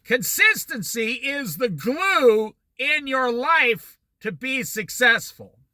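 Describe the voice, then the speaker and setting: A man's voice: extremely high pitch, big pitch swings, slow, bright, forceful tone, no echo. A man giving a motivational talk in a folksy way, repeating his points for emphasis. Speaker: speaker.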